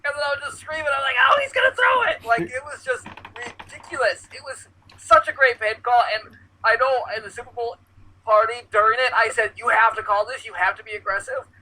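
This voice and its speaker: A man co-hosting a casual sports podcast, excitable and swearing as he relives big plays. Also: extremely high pitch, brisk, poor audio. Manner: excitable, swears, reenacts moments loudly. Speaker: podcast co-host.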